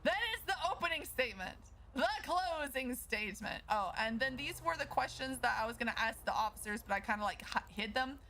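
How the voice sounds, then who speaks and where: A woman streamer talks to her chat out of character in a high, bright voice that leaps all over the place. She is animated and swears freely, and laughter breaks through her frustration. A faint hiss sits under her voice. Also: fairly quick, few pauses, poor audio. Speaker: streamer playing a lawyer in roleplay.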